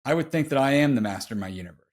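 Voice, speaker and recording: In a casual podcast interview, a middle-aged man tells a sincere, confessional personal story, easygoing and slangy with plenty of "dude." His mid-range voice is expressive and very fast.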